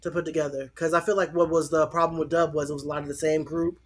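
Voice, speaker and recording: Husky-voiced animated man hosting a chat. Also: a little high, fast talker. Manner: animated, emphatic opinions. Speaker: podcast host. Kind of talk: casual group chat.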